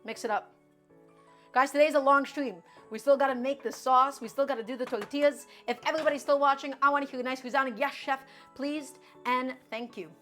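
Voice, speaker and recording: A woman's voice: high-pitched, steady tone, brisk, a bit bright, faint music behind. A woman streaming from her home kitchen, chatting and coaching viewers through each cooking step. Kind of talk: live-stream cooking chat.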